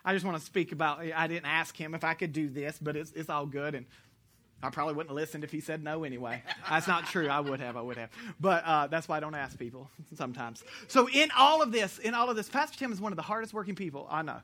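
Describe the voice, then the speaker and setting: Lively, bright-voiced male pastor preaching. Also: a little high, fast. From United States. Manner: animated, self-correcting, jokes with the congregation. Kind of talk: sermon.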